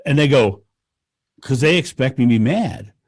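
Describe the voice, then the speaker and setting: A man, a podcast guest, talking in casual conversation, animated and laughing often as he rants. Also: medium pitch, moderate pace, dry recording, studio quality.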